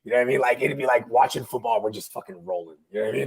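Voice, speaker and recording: A man's voice: mid-range voice, racing, creaky, slightly rough. A young man casually telling a long, rambling story, swearing and laughing along the way. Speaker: podcast host.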